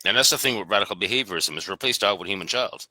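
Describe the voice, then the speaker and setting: A man hosting a casual conversation, making his point with quick, pointed rhetorical questions. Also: fairly low pitch, animated, sharp tone, dry recording, low-quality recording. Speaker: podcast host.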